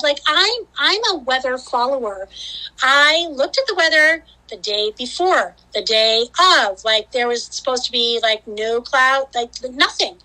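A woman's voice: sits high, bright, forceful tone, poor audio. A woman telling a story on a podcast, chatty, with many fillers, acting out what she said at the time. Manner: chatty, many fillers, acts out her own quotes. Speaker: podcast guest. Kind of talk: casual storytelling.

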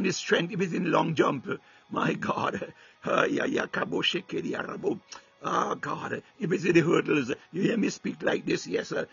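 A man's voice: fairly high pitch, vocal fry, sharp tone, husky, highs cut off. A man preaching a sermon with fervor, repeating "my God" and "hallelujah" between phrases and breaking into tongues.

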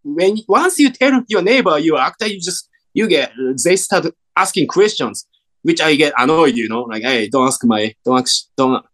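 Japanese-accented male guest, forties, expressive storyteller with a wide pitch swing. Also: normal speed. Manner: animated storyteller, acts out quoted voices, many fillers. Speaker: actor guest. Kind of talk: casual interview chat.

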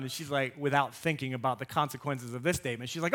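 A man in his thirties or forties preaching a sermon as a guest speaker and coach, telling stories and acting out quotes with lively energy. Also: on the high side, a little fast. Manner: animated storytelling, acting out quotes.

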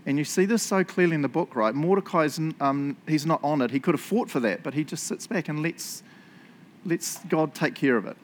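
A man preaching a lively sermon, laughing often and acting out the characters' voices. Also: a little high, brisk, slight background noise. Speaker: pastor.

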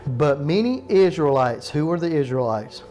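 A man preaching a sermon, reading scripture slowly for emphasis and asking the listeners questions. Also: fairly high pitch, expressive, a little mellow. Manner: slows down to stress verses, asks the listeners questions.

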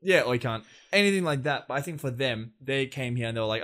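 A young Australian man co-hosting a casual chat, laid-back and sweary, quick to agree. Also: mid-range voice, animated, fairly bright tone. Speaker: podcast co-host.

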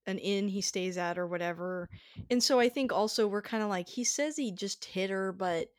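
A woman's voice: mid-range voice, moderate pace, no echo, studio quality. A woman in casual chat, talking through a film's plot in a thoughtful, hedging way. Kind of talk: casual chat discussing a film.

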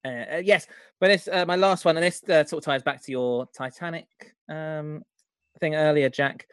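Co-host: man, hesitant rambler, higher voice, dry close sound. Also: fairly even intonation, moderate pace, fairly bright tone, smooth, no room sound. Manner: rambling, hesitant, full of filler. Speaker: podcast co-host. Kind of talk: casual chat.

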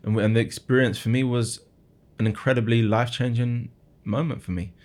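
A man's voice: medium pitch, steady tone, fairly quick, darkish tone. A man in his thirties, a musician being interviewed, telling his story earnestly with frequent restarts and repeated words. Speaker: guest musician.

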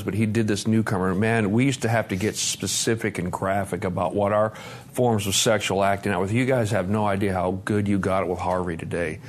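A middle-aged man telling his own story at a recovery conference, candid and self-deprecating, swearing freely and dropping low and quiet on heavy points. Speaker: recovery meeting speaker. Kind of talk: personal testimony talk. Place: conference meeting room with live audience.

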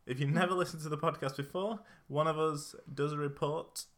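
Bright-voiced joking male podcast host. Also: a little high, fairly even intonation, a little fast. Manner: joking, rambling, with fillers. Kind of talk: casual chat.

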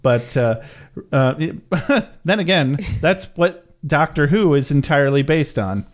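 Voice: medium pitch, expressive, a little slow. A podcast co-host in a casual recap chat, joking and swearing freely as they comment on an episode.

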